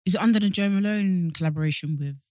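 A young woman in easy banter, dropping jokey asides and playful apologies. Her voice is on the low side, and the recording is dry and close, with no room echo. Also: quick pace, a little mellow. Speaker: podcast co-host. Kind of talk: casual chat.

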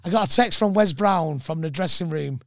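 A man chatting casually on a podcast as a comedian guest, telling lively anecdotes and acting out other people's voices. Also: a little high, normal speed, no echo, studio quality. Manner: animated storyteller, acts out voices in anecdotes.

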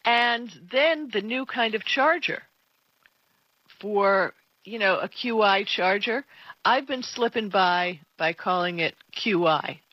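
A woman co-hosting a tech talk show in casual chat, emphatic and quick to laugh. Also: medium pitch, no room sound. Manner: chatty, laughs often, emphatic. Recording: dull lo-fi dry sound.

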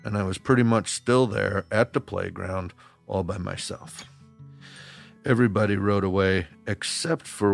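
A man from Wisconsin working as a camp counselor, telling a personal story to children in a gentle, earnest way with a chuckle now and then. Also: mid-range voice, creaky.

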